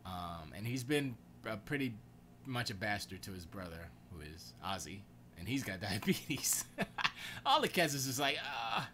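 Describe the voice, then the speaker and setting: A man hosting his own podcast, chatting casually and rambling in a slangy, animated storytelling way. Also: fairly low pitch, normal speed, a little hiss or hum. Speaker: podcast host.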